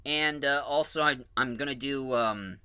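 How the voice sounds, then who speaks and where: Rambling bright-voiced man. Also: medium pitch, a little slow, smooth. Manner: rambling, self-correcting, enthusiastic. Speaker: host of a fan audio drama channel. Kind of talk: casual preview talk.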